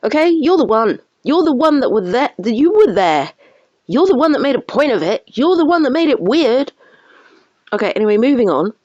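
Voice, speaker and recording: A woman's voice: high-pitched, sing-song, moderate pace, darkish tone, dry recording, highs cut off. A woman commentating on online drama in a ranting, sarcastic, exasperated way.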